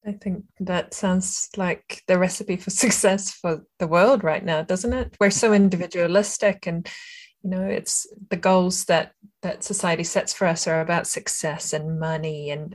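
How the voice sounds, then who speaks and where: Low-voiced woman hosting an interview. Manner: thoughtful, hesitant restarts while asking. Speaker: podcast host. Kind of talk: casual interview chat.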